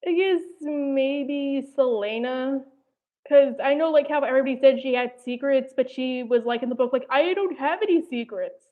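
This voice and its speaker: A woman's voice: high voice, fairly even intonation, moderate pace. A young woman from New chatting casually on a livestream, hesitant and rambling. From New Jersey. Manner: rambling, hesitant, many "like" and "I don't know". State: slightly out of breath. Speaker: animation commentary channel host. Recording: tinny phone-like audio.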